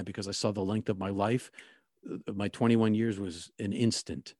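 A man recounting a personal experience in a reflective, halting way, often restarting his sentences. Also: fairly low pitch, fairly even intonation, dark tone, no echo, clean studio sound. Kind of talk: personal testimony.

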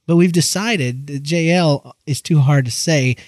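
A man from Georgia chatting casually on a podcast, joking and playful. His voice sits a little high for a man. The sound is dry and close, with no room around it. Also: a little slow, darkish tone, dry recording. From Georgia, USA. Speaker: podcast co-host. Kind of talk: casual chat.

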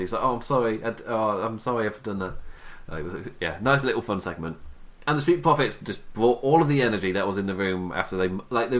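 A man giving a casual, chatty recap of a wrestling show, with frequent laughs and quick asides. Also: lowish voice, a bit bright.

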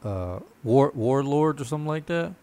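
A man's voice: mid-range voice, animated, moderate pace, dark tone. A young man in casual chat, rambling loosely through stories and half-remembered details.

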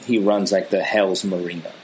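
A man's voice: sits low, flat delivery, moderate pace, a little mellow. A man co-hosting a podcast, chatting casually about a TV episode and riffing on silly jokes. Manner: joking, easygoing, drifts into silly riffs. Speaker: podcast co-host. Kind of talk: casual TV recap chat.

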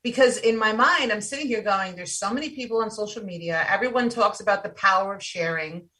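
A woman from New York speaks in a bright, mid-pitched voice. She rambles with enthusiasm while chatting casually, and she sounds set back from the microphone. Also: a little fast, recorded from a distance. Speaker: podcast co-host. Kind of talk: casual podcast conversation.

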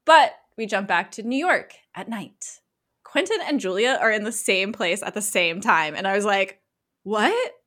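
Bright-voiced, animated woman podcast host. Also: mid-range voice, normal speed. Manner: animated, frank, swears freely. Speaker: podcast host recapping a TV episode. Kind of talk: casual chat.

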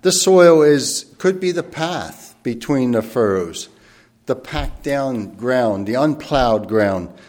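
A man delivering a church sermon at a middle pitch. He speaks thoughtfully and earnestly, pausing to rephrase himself. Scripture passages come out slow and formal. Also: expressive, a little mellow. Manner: reads scripture aloud slowly and formally. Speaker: preacher.

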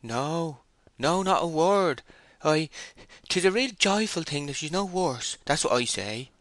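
A man's voice: fairly quick, pushed and bright, no room sound. A man voicing a timid farmhand who speaks in a raised, trembling, anxious voice. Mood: terrified. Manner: trembling, anxious and high-pitched. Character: timid, nervous young farmhand.

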